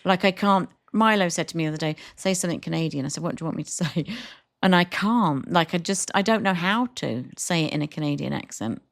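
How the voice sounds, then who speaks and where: A woman's voice: lowish voice, a little fast, creaky, few pauses. A woman co-hosting a podcast in casual chat, rambling and poking fun at herself. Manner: self-mocking, rambling, laughs often. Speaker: podcast co-host.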